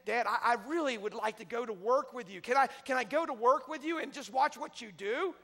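A man voicing an eager little boy who pleads with his dad and stumbles over his words in excitement. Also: extremely high pitch, fairly quick, long reverb tail, voice pushed up, full character voice.

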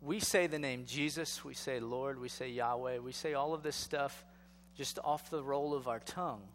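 A man's voice: mid-range voice, fairly even intonation, moderate pace, big-room sound, slight background noise. A male pastor giving a sermon in a conversational style, asking rhetorical questions and building to emphatic exhortation.

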